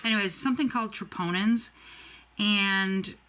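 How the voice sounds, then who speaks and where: A woman's voice: medium pitch, moderate pace, bright, forceful tone. A woman in her forties telling a long rambling story while doing her makeup, chatty and swearing freely. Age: 40s. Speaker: beauty vlogger.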